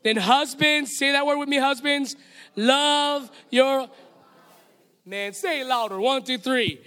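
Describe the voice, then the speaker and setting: In a church sanctuary with long hall reverb, a man with a Hawaiian accent preaches as pastor, playfully and directly prompting the congregation to echo his lines. He speaks slowly in an extremely high, sharp yet smooth voice.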